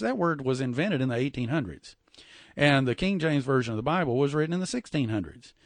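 A man's voice: medium pitch, dry recording. Folksy preacher man, dry sound. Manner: folksy, repeats words, reads scripture slowly and deliberately. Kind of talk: sermon-style Bible teaching.

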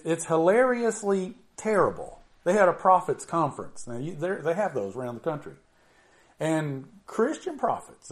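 A middle-aged man preaching an informal sermon in a conversational way, with drawn-out emphasis and many "you know"s. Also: on the high side.

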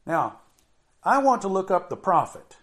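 A middle-aged preacher, a man with a somewhat high voice, talks in a loose, chatty way. He leans on drawn-out emphasis and keeps filling with "you know" as he preaches. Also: sing-song, fairly bright tone. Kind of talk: informal sermon.

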